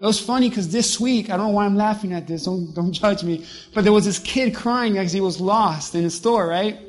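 A pastor preaching a sermon with emphasis, slowing down to stress key words. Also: medium pitch.

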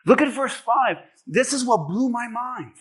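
A male pastor preaching a sermon, dramatic and rising to shouts as he acts out what people would say. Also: very high voice, lively intonation, measured pace, breathy edge. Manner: dramatic, shouting at peaks, acting out quotes.

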